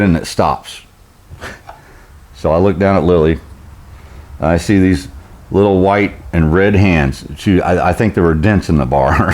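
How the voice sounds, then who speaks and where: Middle-aged man, very low voice, rambling folksy storyteller who chuckles a lot. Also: a little mellow. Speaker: vlogger. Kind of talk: casual storytelling.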